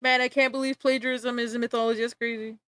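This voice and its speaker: A woman's voice: a little high, level tone, fast talker, a bit bright, clear, resonant tone. A young woman streaming live, rambling and joking in casual chat with frequent laughter.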